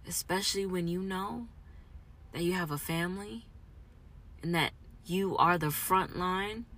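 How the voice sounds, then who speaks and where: A woman in a raw, emotional personal monologue, moving between quiet reflection and angry outbursts. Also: lowish voice, a little slow, a little hiss or hum.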